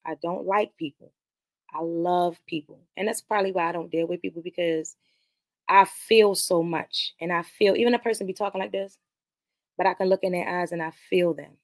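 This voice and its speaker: A lower-voiced woman rambles through a movie plot, swearing freely and talking straight to her viewers. Her voice is close and dry, with no room sound. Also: steady tone, a little fast, no echo. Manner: nervous about streaming live. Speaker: podcast host reviewing a movie. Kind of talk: casual movie recap.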